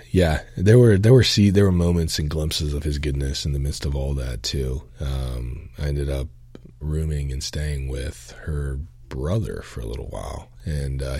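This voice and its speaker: A man's voice: a bass voice, darkish tone, husky, no room sound. A young man giving a candid testimony as a podcast guest, talking earnestly with many fillers and restarts. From Augusta, Georgia, US.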